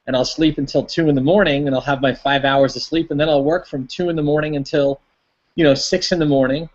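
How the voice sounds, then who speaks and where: A man's voice: a little high, steady tone, fairly quick, muffled recording. A man giving a rambling motivational talk as host of an online hangout, full of fillers and folksy stories. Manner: rambling, filler-heavy, tells a folksy story.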